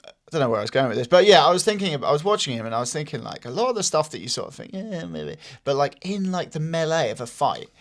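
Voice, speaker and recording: A man's voice: a little high, very animated, rapid-fire. Laughing, swearing man on a podcast. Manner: laughs often, swears, many likes and fillers. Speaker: podcast co-host. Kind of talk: casual chat.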